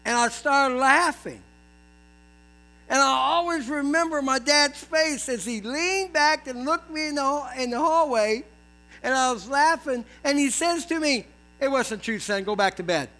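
A man's voice: very high voice, a little slow, pushed and bright, low-quality recording. A man preaching a sermon as pastor, telling stories with folksy asides to the congregation.

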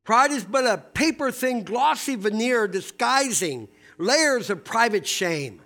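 A male pastor preaching a sermon to a live congregation, animated and emphatic, with casual asides to his listeners. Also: sits high.

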